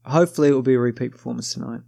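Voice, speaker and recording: A man with a gravelly, slightly creaky voice narrates a first-person story. He talks casually and wryly, often pausing to correct himself. The sound is close and dry. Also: medium pitch, fairly even intonation, mellow, dry recording. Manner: casual, self-correcting, wry.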